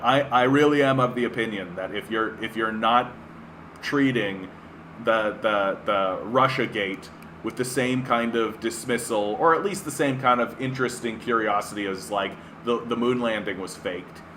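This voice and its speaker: A man's voice: mid-range voice, moderate pace, pushed and bright, a little hiss or hum. A man from Canada streaming political commentary, reading an article aloud and breaking off into sarcastic, profane rants. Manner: sarcastic, profane, ranting, heavy use of "right?".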